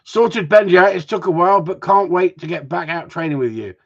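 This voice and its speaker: A man's voice: sits high, brisk, creaky, highs cut off. A man, a dog trainer hosting a live stream, chatting casually and ranting at length while reading out viewer comments, swearing freely.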